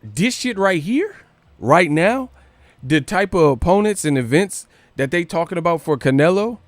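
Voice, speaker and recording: Profane animated livestream host. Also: male voice, sits high, no echo. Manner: animated, profane, rapid rhetorical questions. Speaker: boxing news livestream host. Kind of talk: casual livestream rant.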